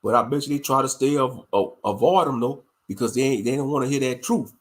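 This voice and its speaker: A man's voice: medium pitch, quick pace. A man in his late thirties hosting a casual commentary monologue, thinking aloud and turning preachy. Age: late 30s. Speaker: host.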